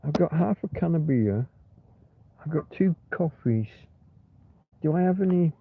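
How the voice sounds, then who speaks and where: A man's voice: on the high side, lively intonation, measured pace, vocal fry, slight background noise. A middle-aged man hosting a casual livestream from bed, rambling and reading chat messages aloud, with frequent swearing. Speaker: livestream host. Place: in bed in a van or caravan. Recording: tinny phone-like sound.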